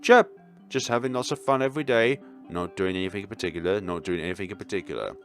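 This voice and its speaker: A man voicing a small, fat, timid bird in a game, chattering and repeating itself in a high squeak. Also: expressive, fast talker, soft background music. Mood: chirpy. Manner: squeaky, repeats "chirp" and its own phrases.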